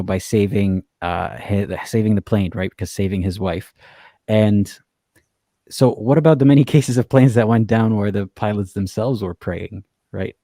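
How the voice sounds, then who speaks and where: A male host of a call-in stream, asking questions in a calm way. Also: fairly low pitch, no room sound, studio quality. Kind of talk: call-in discussion.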